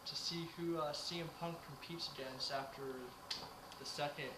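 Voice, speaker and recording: A man's voice: on the high side, steady tone, moderate pace, heavy background noise. Hesitant man in an echoey room. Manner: hesitant, lots of uh fillers. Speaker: co-host. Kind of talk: casual wrestling prediction chat.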